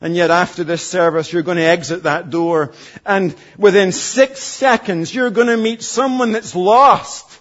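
A man in his forties preaching a sermon as pastor, earnest, dropping from loud emphasis to hushed asides. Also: high voice, fairly even intonation, unhurried, dull audio. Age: 40s.

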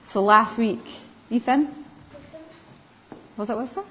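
A woman giving a Bible lesson to young children, gently questioning them and calling on them by name. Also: fairly high pitch, slow. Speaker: Sunday school teacher. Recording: slightly dull lo-fi recording.

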